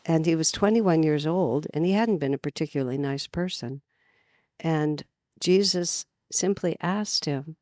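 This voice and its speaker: A woman from California giving an earnest spiritual talk at a retreat, telling stories with lively emphasis. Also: lowish voice, unhurried, no echo, clean studio sound. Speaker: spiritual teacher. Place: retreat gathering.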